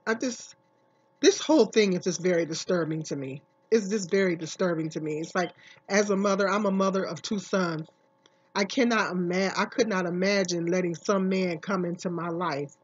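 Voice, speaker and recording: A woman's voice: lowish voice, breathy edge. A woman vlogger giving casual, emphatic commentary, repeating herself and asking many questions. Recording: dull lo-fi recording.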